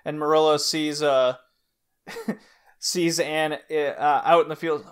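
A man's voice: fairly high pitch, takes it slowly, clean tone. A man co-hosting an anime podcast, retelling scenes casually and acting out the characters' lines with energy. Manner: animated storyteller who acts out the characters' lines. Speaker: podcast co-host. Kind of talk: casual chat.

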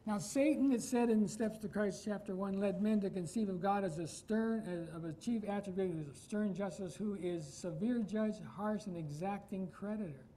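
Mellow-voiced preacher from Iowa, man. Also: high voice, moderate pace, few pauses, a little hiss or hum, rough recording. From Iowa, United States. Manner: emphatic, asks the congregation rhetorical questions. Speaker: pastor. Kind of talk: sermon.

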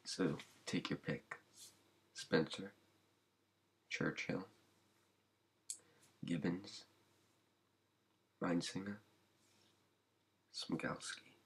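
ASMR host, male, deep husky rasp, meandering and soft, frequent whispers. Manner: rambling, halting, with many fillers and restarts; often drops to a whisper. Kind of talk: soft-spoken ASMR channel update.

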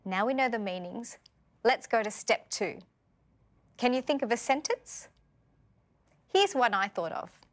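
A woman with an Australian accent teaching a scripted vocabulary lesson, speaking clearly and patiently and putting questions to learners. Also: a little high, lively intonation, measured pace, pauses often.

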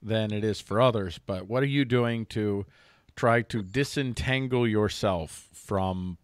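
A man hosting a political commentary chat, agreeable and energetic in manner. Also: on the low side, unhurried, clean tone, no echo, clean studio sound. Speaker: show host.

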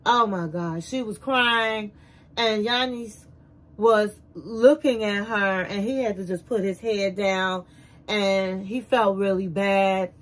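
A woman hosting a casual show recap, retelling scenes in an animated way and acting out the quotes. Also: mid-range voice, slow, poor audio.

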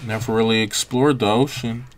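A young man giving relaxed, reactive commentary over his own gameplay, breaking into quick exclamations. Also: fairly low pitch. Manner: laid-back, reactive, frequent exclamations. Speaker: gaming channel host. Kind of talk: let's-play gameplay commentary.

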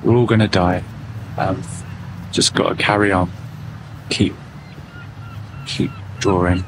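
With a low voice and a steady tone, a man speaks slowly while filming a casual walking vlog on a town street. His musings are loose and reflective, and traffic sounds carry behind him.

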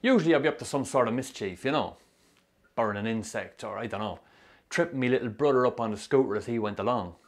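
An actor narrating a film as a troubled young Irish man with a Sligo accent, telling his rough youth in a dry, sardonic way. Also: mid-range voice, quick pace, close to an everyday voice. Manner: dry, sardonic storytelling with strong swearing. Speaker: narrator, the film's lead. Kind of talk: scripted film voice-over.

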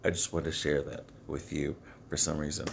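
A man with an extremely deep voice and a heavy gravelly fry talks to his phone camera, held close to his face. It is early and his voice is scratchy before any tea or water. He speaks earnestly and haltingly, with many fillers and restarts, over faint background noise. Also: flat delivery. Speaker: vlogger. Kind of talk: rambling motivational vlog to camera.

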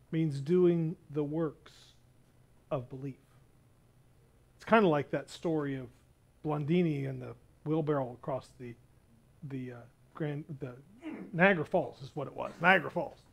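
High-voiced male pastor preaching. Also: vocal fry, darkish tone. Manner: emphatic, slows down on key words. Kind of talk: sermon with storytelling.

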